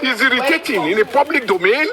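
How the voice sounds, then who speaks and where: A man's voice: extremely high pitch, animated, fast, crowd noise. A Nigerian man with a Yoruba accent, supervising a heated live audio chat, emphatic and repeating himself. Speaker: supervisor of an online discussion.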